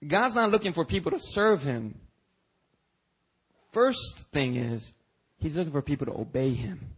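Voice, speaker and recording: A male pastor preaching a sermon, acting out dialogue with God and Jesus and jumping into high shouts. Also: big pitch swings, normal speed, pauses often, slightly rough. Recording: preached live in a church.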